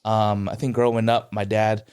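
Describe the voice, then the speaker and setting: A man's voice: on the low side, little pitch movement, moderate pace, darkish tone, smooth. A man co-hosting a casual podcast chat, rambling with many ums and restarts and jumping into a raised voice when he quotes people. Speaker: podcast co-host.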